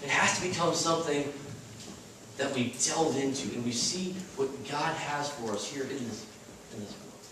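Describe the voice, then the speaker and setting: A man's voice: medium pitch, moderate pace, background noise. A man preaching an earnest, emphatic sermon as a chapel speaker at a Christian school. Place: chapel at a retreat. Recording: echoey room from far off.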